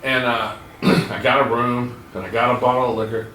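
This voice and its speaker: A man's voice: medium pitch, little pitch movement, moderate pace, pushed and bright, reverberant, recorded from a distance, slight background noise. A man hosting a podcast, telling a rambling, profane story and laughing along the way. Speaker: podcast host. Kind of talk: casual storytelling.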